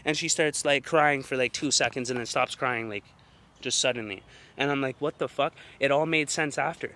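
A man's voice: medium pitch, normal speed, sharp tone. A young man hosting his own channel, ranting heatedly about a personal ordeal, cursing constantly and repeating fillers. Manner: heavy swearing, emphatic, repetitive fillers. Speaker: channel host. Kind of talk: agitated personal rant to camera.

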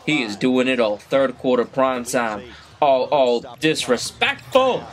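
A man hosting a reaction video, talking live over sports highlights, excitable and slangy, yelling at the players on screen. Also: measured pace. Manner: slangy street talk. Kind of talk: live reaction commentary while watching highlights.

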